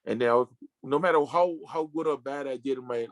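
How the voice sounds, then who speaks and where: A man in his fifties, a retired sumo wrestler, telling his story in an interview with emotional, halting restarts and casual slang. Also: medium pitch, dry recording. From Samoan family.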